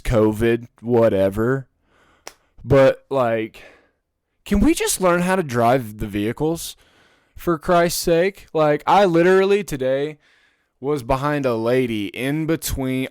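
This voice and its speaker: A man's voice: mid-range voice, clean tone, no room sound. A young man hosting a podcast in casual chat, ranting and swearing as he tells stories at a close mic at home. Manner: ranting, profane, animated storytelling. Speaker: podcast host.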